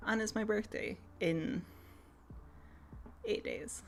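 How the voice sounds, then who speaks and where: A woman's voice: medium pitch, steady tone, takes it slowly, pauses often, slight background noise. Giggly woman streaming a game. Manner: chatty and giggly, many ums, greets viewers one by one. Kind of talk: casual live-stream chat.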